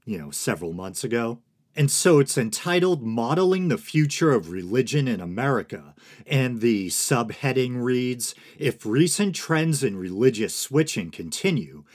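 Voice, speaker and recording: A man with a Boston accent hosting a solo podcast, casually commenting and reading from sources with self-mocking asides. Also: medium pitch. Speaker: podcast host.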